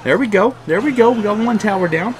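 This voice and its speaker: Excitable man commentating his own gameplay. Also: high voice, brisk. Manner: excitable, talks to the game, repeats phrases. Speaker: gaming YouTuber.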